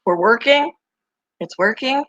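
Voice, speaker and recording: A woman's voice: fairly high pitch, expressive, unhurried, fairly bright tone, no echo, dull audio. A woman hosting a pet channel, chatting casually on a live stream and cooing to her small pets between remarks.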